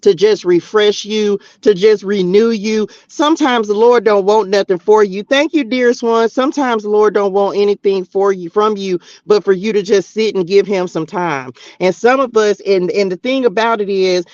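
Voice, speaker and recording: A man hosting a spiritual livestream, preaching casually and talking straight to his viewers in animated slang while reading tarot cards. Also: high-pitched, normal speed, few pauses, no room sound, dull audio. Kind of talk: casual preaching to a live chat. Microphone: streaming mic.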